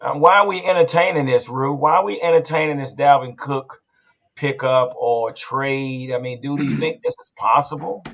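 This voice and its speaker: A man hosting a casual sports podcast, talking in an animated, rambling way. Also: mid-range voice, normal speed, dull audio, slight background noise. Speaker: podcast host.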